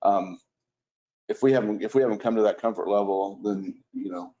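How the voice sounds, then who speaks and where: A man advising a city commission, hesitant with many pauses, in a city hall commission room. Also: on the low side, dark tone. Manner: hesitant, many ums and restarts. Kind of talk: public meeting discussion. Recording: muffled lo-fi meeting recording.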